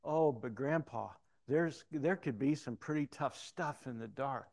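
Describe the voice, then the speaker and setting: A man quoting a scared four-year-old boy in a soft, hesitant voice while telling a story in a sermon. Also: mid-range voice, unhurried, close to an everyday voice. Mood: timid. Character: timid little four-year-old boy afraid of the dark.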